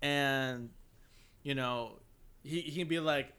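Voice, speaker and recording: A man co-hosting a podcast in casual chat, rambling and halting with frequent restarts. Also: mid-range voice, sharp tone, clean tone. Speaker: podcast co-host.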